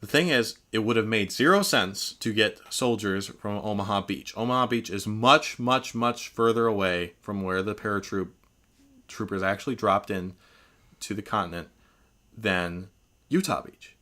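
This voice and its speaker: Bright-voiced man explaining film history. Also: lowish voice, normal speed. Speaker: podcast co-host. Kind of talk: casual film discussion.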